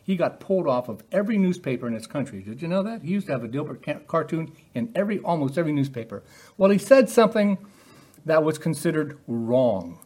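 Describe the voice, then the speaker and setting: A man's voice: on the high side, very animated, fast, warm tone. A man preaching a sermon in a conversational way, often putting rhetorical questions to his listeners.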